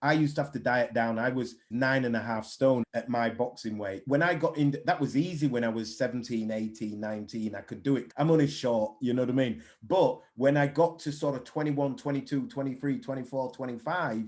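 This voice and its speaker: A man's voice: medium pitch, fairly quick, hardly any pauses. A man, a mindset coach speaking bluntly and animatedly in a casual interview. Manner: blunt, animated storytelling with swearing.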